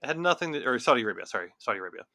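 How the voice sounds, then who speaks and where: Man, mid pitch, bright voice, rambling casual political chat, dry sound. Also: sing-song, rapid-fire, dry recording. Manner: rambling, laughs between points, swears. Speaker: podcast co-host.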